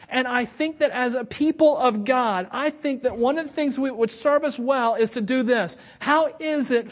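A man, a pastor, giving a conversational sermon with joking asides. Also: very high-pitched.

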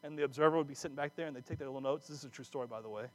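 A man giving a sermon, animated and chatty, often breaking off mid-phrase to start again and slipping in jokey asides. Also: mid-range voice, very fast. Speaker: preacher. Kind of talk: sermon with personal stories.

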